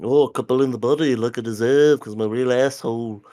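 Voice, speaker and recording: A man's voice: medium pitch, fast, background noise, close to an everyday voice. A podcast host putting on a mock-formal Liverpool English voice as a crude British man who swears between sing-song lines. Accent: put-on Liverpool English.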